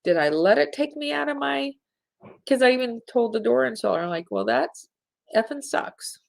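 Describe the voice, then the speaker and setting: A woman's voice: on the high side, lively intonation, brisk, creaky. A middle-aged woman hosting a live spiritual talk show, speaking in an earnest, heartfelt way to her listeners.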